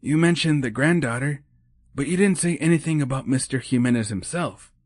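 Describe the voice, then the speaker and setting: A man voicing Mrs. Claus in an audiobook, a cheerful, encouraging older woman with a brisk manner. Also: mid-range voice, no echo, clean studio sound, voice pushed up, close to an everyday voice. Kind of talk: audiobook character voice.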